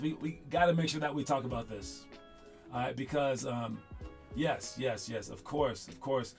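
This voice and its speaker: A man's voice: mid-range voice, moderate pace, music in the background. A man coaching young basketball players in casual, rambling talk that often repeats itself. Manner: rambling, upbeat, repeats himself.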